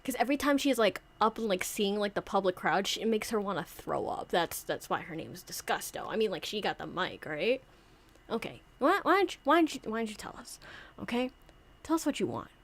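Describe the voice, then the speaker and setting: A woman's voice: medium pitch, very animated, fairly quick. A young woman streamer chatting casually in a playful, rambling way, often interrupting herself as she acts out skits with her toys. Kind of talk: casual chat.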